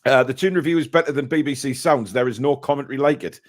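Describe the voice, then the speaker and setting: A man's voice: medium pitch, fast. A man hosting a casual live stream, reading out viewer messages and giving blunt opinions.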